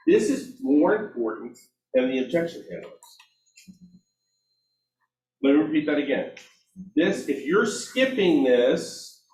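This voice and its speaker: A middle-aged man leading a real estate team meeting, telling stories and acting out conversations. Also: on the high side. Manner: animated storytelling, acts out dialogue, self-mocking. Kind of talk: team meeting training talk. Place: meeting room. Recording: echoey room, distant mic.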